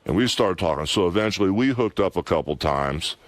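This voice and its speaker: A man's voice: deep voice, lively intonation, a little fast. A middle-aged man, a former wrestler, telling a long personal story as a radio guest, emphatic and rambling with lots of "you know" and "anyway". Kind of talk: candid radio interview storytelling.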